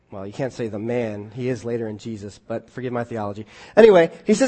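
A man preaching a conversational sermon, often restarting his phrases and swinging between quiet asides and emphatic points. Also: mid-range voice, big pitch swings, fast talker. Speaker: pastor.

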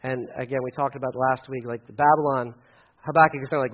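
A male pastor preaching a sermon with an animated delivery, acting out quotes in loud, high bursts. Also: fast talker, lo-fi sound.

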